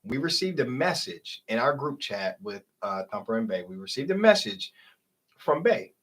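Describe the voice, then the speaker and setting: A man in his thirties co-hosting a podcast, supportive and quick to laugh in casual chat. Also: medium pitch, sing-song, fairly bright tone. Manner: supportive, reacts with laughs and short agreements. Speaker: podcast co-host.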